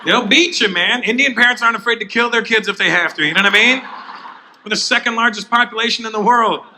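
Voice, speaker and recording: A man's voice: very high-pitched, fast talker, background noise. A man doing a stand-up comedy set on stage before a live audience, with blunt, punchy delivery and acted asides.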